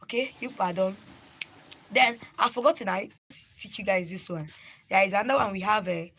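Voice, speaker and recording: A woman's voice: medium pitch, moderate pace, a bit bright, slight background noise, poor audio. A young Nigerian woman, a native Igbo speaker, teaching words on a phone live stream, repeating and spelling each word out and urging viewers to write them down. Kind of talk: casual live lesson.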